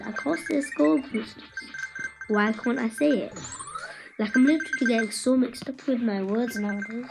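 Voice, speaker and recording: A woman's voice: on the high side, creaky, rough recording. A woman giving casual, chatty commentary while playing a video game, playful and tripping over her words. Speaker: gameplay commentator.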